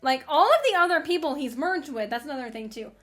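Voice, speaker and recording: A woman with a slightly high voice hosts a casual anime fan commentary. She rambles in an animated way, laughing often and restarting her sentences. Faint music plays in the background. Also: quick pace.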